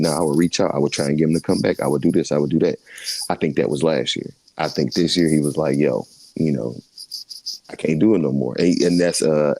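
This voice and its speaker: A man co-hosting a sports podcast, talking in a rambling, joking, animated way. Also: very deep voice, dry recording. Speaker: podcast co-host. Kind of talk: casual sports chat.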